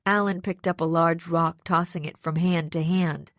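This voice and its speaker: A woman reading a first-person audiobook narration in a steady, even storytelling manner, close to the microphone. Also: fairly low pitch, moderate pace, dry recording. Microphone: close studio microphone.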